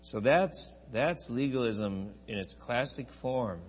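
Male Bible-class teacher, husky, chatty and digressive, recorded in a reverberant hall. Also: medium pitch, animated, takes it slowly. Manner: chatty, digressive, with many restarts and asides. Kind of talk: church classroom teaching from an outline. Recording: echoey hall, long reverb.

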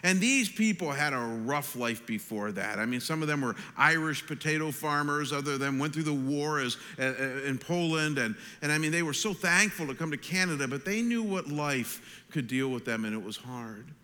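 An American man preaching a sermon as pastor, animated, climbing loud on his questions and slowing down to stress points. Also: fairly high pitch. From United States. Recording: long reverb of a large hall.

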